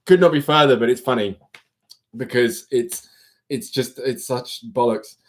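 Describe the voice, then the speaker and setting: A man's voice: medium pitch, measured pace. A man hosting a live stream, chatting casually in a giggly, rambling way. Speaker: livestream host. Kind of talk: casual chat.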